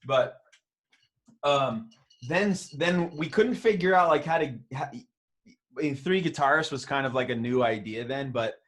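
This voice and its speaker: A man's voice: mid-range voice, unhurried, fairly bright tone. A man, a band member, recalling how he joined in a laid-back, casual podcast chat. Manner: laid-back, swears in passing.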